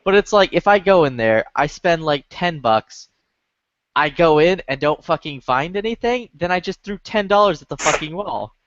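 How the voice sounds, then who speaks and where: A man's voice: fairly high pitch, animated, moderate pace, fairly bright tone, dry recording. Male, casual profane storyteller, dull dry lo-fi sound. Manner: swears a lot, rambling storytelling. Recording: dull lo-fi stream audio.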